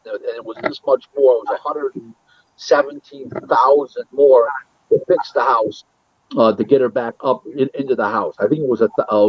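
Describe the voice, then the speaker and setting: Boxing matchmaker, male, from Buffalo; lively interview storyteller who acts out dialogue, on a dry and muffled line. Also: mid-range voice, no echo. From Buffalo, New York. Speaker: boxing matchmaker and booking agent. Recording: dull, lo-fi, dry sound.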